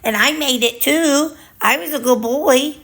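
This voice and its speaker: Woman doing a small male pet dog, sweet and proud, childlike baby talk, bright sharp tone. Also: high-pitched, measured pace, voice pushed up. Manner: childlike, talks in simple boastful baby talk.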